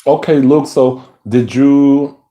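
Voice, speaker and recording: A man hosting a live stream, chatting casually and answering viewer comments as he eats, sometimes dropping to a low hushed voice. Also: fairly even intonation, takes it slowly. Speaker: livestream host. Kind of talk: live chat while eating and chewing.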